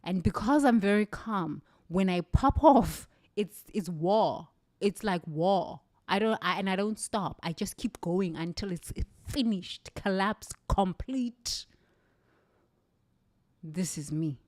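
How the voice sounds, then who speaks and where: A woman's voice: medium pitch, takes it slowly, darkish tone, no echo, clean studio sound. A middle-aged South African woman, a native Zulu speaker, giving an impassioned motivational talk with emphatic, repeated phrases. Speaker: livestream speaker.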